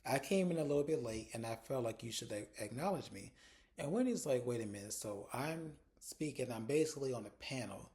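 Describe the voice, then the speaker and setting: A man with a mellow, relaxed voice recaps a reality TV episode in a loose, chatty way. He swears freely and throws his voice up high when he acts out what the cast said. The tone is casual commentary straight to his viewers. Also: fairly quick. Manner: animated, profane, quotes people in exaggerated voices.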